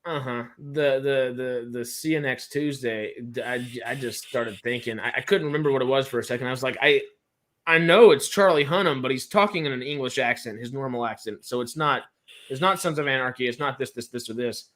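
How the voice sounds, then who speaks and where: A man hosting a casual online chat, animated and swearing freely, with many restarts. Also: medium pitch, brisk. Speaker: host.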